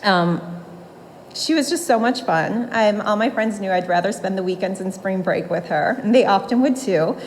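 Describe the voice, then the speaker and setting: A woman's voice: medium pitch, normal speed, slight background noise, poor audio. A woman in her forties giving a eulogy for her grandmother in a funeral home room, telling fond stories and laughing between memories.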